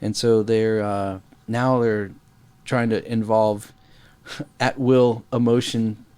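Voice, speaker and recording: A man's voice: fairly low pitch, little pitch movement, slow, a little mellow, clean tone. A man co-hosting a casual podcast, chatting, laughing often and reading passages aloud. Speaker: podcast co-host.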